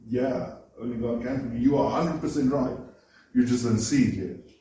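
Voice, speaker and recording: Man, preacher, sermon, earnest, emphatic, mellow voice, echoey room, distant mic. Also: medium pitch, fairly quick, slight background noise. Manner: earnest, emphatic, repeats words when building a point. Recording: roomy echo, voice from far off the mic.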